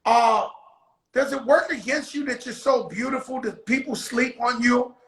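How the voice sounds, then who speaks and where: A man's voice: very high voice, normal speed, a bit bright, reverberant, low-quality recording. A man hosting a casual interview, brash and swearing freely, talking hype. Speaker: host.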